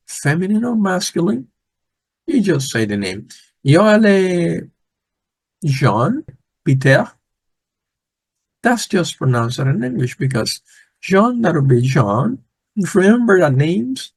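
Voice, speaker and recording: A man teaching a language lesson, patiently repeating words slowly and clearly. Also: on the high side, darkish tone, no echo, rough recording.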